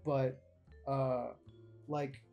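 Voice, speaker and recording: A man's voice: mid-range voice, flat delivery, extremely slow, darkish tone, faint music behind. A man hosting a podcast, chatting casually, laughing often and swearing a lot. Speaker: podcast host.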